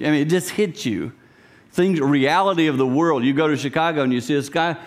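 A middle-aged man preaching a sermon to his congregation. He talks animatedly, swinging between loud lines and hushed whispers and acting out voices. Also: a little high, expressive, normal speed. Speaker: pastor.

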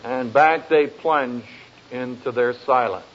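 A man speaking to an audience as a family counselor, telling stories in a slow, emphatic way with dry humor. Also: mid-range voice, a little hiss or hum. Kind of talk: speech to an audience. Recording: dull lo-fi recording.

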